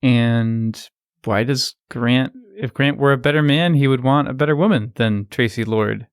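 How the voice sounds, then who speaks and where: A man's voice: mid-range voice, moderate pace, clear, resonant tone, dry recording, clean studio sound. A man co-hosting a casual film podcast who gives candid, plainspoken opinions. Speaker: podcast co-host.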